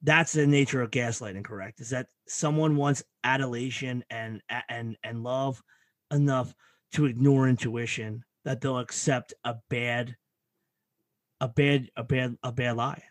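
A man hosting a casual conversation, talking thoughtfully with halting restarts and casual swearing. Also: medium pitch, steady tone, no echo, studio quality. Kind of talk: casual chat.

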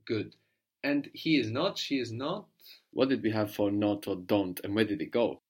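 A man's voice: on the low side, normal speed, darkish tone, husky. A man teaching a spoken language lesson, patient and prompting, checking in with short questions. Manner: patient, prompting, often asks "no?".

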